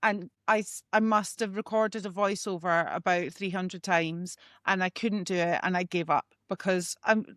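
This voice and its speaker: A woman's voice: on the low side, steady tone, moderate pace, few pauses, fairly bright tone, dry recording, clean studio sound. A woman with a brash Scottish accent, co-hosting a casual chat, talking in a chatty, self-deprecating way. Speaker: podcast co-host, nail tech.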